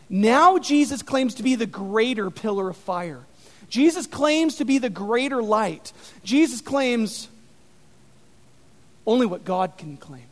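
Man preaching, very high voice, dramatic storytelling, long hall reverb. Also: takes it slowly. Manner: animated storyteller, dramatic emphasis. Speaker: pastor. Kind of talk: sermon.

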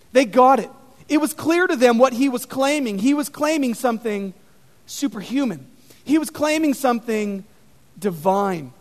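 A man preaching an animated sermon, telling stories with dramatic emphasis. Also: extremely high pitch. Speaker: pastor. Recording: long reverb in a hall.

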